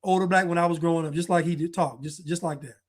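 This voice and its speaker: A man's voice: fairly high pitch, steady tone, fast. A man giving casual live-stream commentary who thanks viewers and muses aloud, often trailing off and starting over. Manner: chatty, musing, trails off and restarts. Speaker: livestream commentator.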